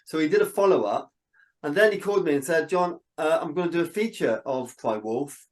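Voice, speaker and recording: A fairly high-voiced man chats as an interview guest. He tells lively anecdotes and acts out the lines of the people in them. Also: a little fast. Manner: animated storyteller, quotes people in dialogue. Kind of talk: casual interview chat.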